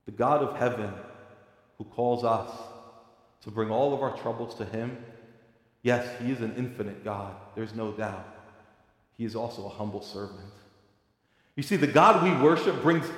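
A male pastor delivering a sermon, moving between quiet, reflective passages and loud, emphatic preaching. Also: mid-range voice. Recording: echoey hall with long reverb.

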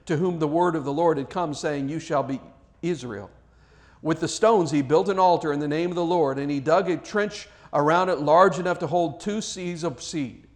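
In a slightly high voice, this male pastor moves from scripture reading to prayer to an earnest sermon. His delivery is unscripted, marked by repeated words and a rising voice on quoted cries.

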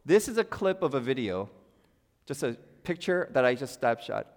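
A man's voice: mid-range voice, sing-song, moderate pace. Man preaching in a reverberant church. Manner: dramatic swings between loud emphasis and hushed quiet. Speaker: pastor. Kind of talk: sermon.

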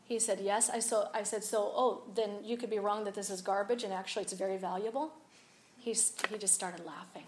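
A woman's voice: medium pitch, a little fast, slight background noise. A woman speaking at a women's event, telling a story in a sermon, acting out both sides of a conversation and laughing often. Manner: animated, acts out dialogue, laughs often.

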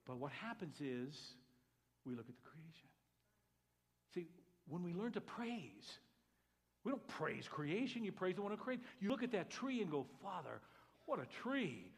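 Guy preaching a sermon, kinda high voice, gets loud then goes quiet, big echoey church sound. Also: slightly rough. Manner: animated, swings from loud exclamations to hushed asides; conversational, with jokes to the congregation. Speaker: pastor. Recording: long reverb of a large hall.

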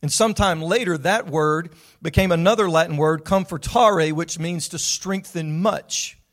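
A man's voice: a little high, normal speed, a bit bright. A man preaching a sermon to his congregation in a folksy, joking, conversational way, often asking them questions. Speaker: pastor. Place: church sanctuary with congregation.

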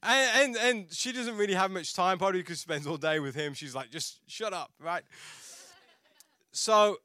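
A high, bright male voice belongs to a pastor who preaches like he is chatting with friends. He pokes fun at himself and often restarts his sentences. The sound is close and dry. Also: normal speed, no echo. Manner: chatty and self-mocking, with frequent restarts. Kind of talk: storytelling sermon.

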